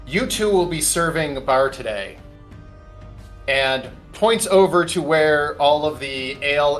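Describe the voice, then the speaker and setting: Game master guy narrating d&d, kinda high voice, super lively ups and downs, loose and rambly.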